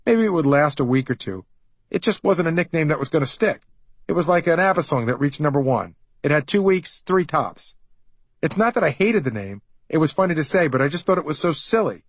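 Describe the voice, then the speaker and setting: A man's voice: a little high, very animated, a little fast, dry recording, low-quality recording. Middle-aged man, dry memoir narration. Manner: wry, conversational storytelling. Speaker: author narrating his memoir.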